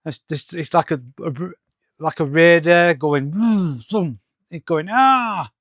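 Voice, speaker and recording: A man's voice: fairly high pitch, level tone, moderate pace, a bit bright, no echo, studio quality. A man casually reviewing a comic, hesitating with lots of ums and restarts. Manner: hesitant, many fillers and restarts.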